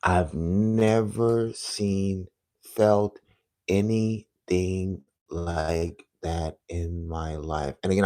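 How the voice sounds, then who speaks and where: Man with a lowish voice for an earnest, halting vlog story, dropping to a hush at the tense parts, dry close sound. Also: little pitch movement, dry recording. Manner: earnest, halting, drops to a hushed voice at tense moments. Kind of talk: casual storytelling to viewers.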